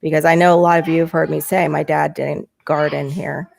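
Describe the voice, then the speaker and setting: A woman's voice: deep voice, a little fast, creaky. Chatty woman on a headset mic. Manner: chatty, laughs often, voice jumps up when excited. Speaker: livestream host reading viewer chat. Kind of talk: casual livestream chat. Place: small home bedroom.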